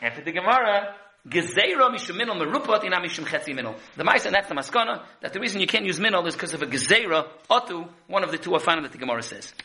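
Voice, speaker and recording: Fast, bright-voiced Talmud teacher. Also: male voice, high voice, low-quality recording. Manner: quick, lively chanting between Hebrew-Aramaic quotes and English. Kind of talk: Talmud lecture.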